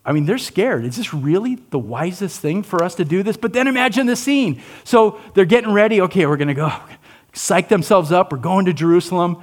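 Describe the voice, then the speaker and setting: Lively preaching man, voice rising and falling. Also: fairly quick, hardly any pauses. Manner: animated, asks the listeners questions, acts out quotes; drops low and soft on key lines. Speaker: pastor. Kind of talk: sermon.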